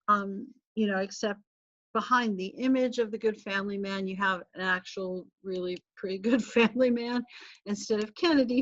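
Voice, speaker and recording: A woman teacher talks her class through a lesson in a loose, joking way and laughs often. Her voice sits a bit high. The sound is dry and a little dull, like audio from a video call. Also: no room sound. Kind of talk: casual online class lecture.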